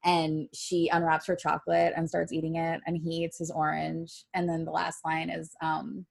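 A woman with a lowish voice chatting casually as a podcast co-host. She gets emotional and teary easily, and the recording is dry and close with no room sound. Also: monotone, moderate pace, gravelly, no echo. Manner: emotional, tearful when talking about poems. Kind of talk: casual chat.

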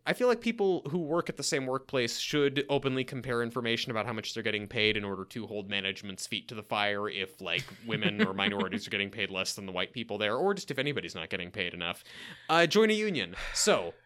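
Lively, bright-voiced man making wry jokes. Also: medium pitch, smooth. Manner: wry, joking asides and tangents. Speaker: podcast co-host. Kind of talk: casual chat recapping a sitcom episode.

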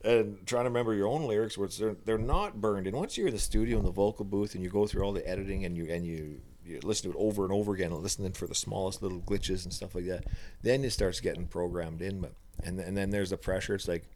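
A man's voice: deep voice, quick pace, darkish tone. A singer-songwriter man chatting casually and frankly in a recording studio, laughing easily. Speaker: musical guest, singer-songwriter. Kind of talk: casual chat.

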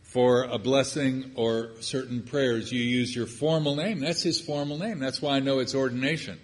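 An older male preacher gives a sermon, blending scripture with funny, chatty asides. His husky, slightly breathy voice is mid-range and steady at normal speed, with a long reverb like that of a large sanctuary.

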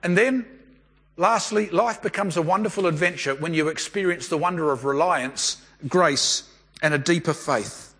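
High-voiced pastor preaching in a reverberant hall. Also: male voice, normal speed, fairly bright tone, slightly rough. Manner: conversational storytelling preacher. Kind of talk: sermon.

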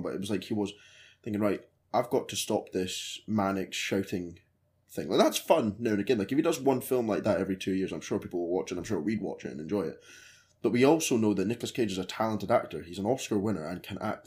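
A man's voice: fairly low pitch, a little mellow. A man co-hosting a film podcast, chatting casually about a film and sometimes trailing off as he searches for words. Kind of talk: casual film review chat.

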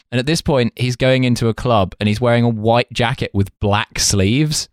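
A man's voice: medium pitch, brisk, no echo, studio quality. A man, co-hosting a podcast in casual chat, rambling, swearing and mimicking voices. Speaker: podcast co-host.

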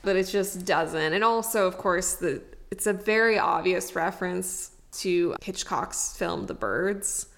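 A woman's voice: on the low side, unhurried, gravelly, hardly any pauses, a bit bright. A woman co-hosting a casual book podcast, reading excerpts and chatting with a lot of "like". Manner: reads aloud, then chats with fillers like "like". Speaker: podcast co-host.

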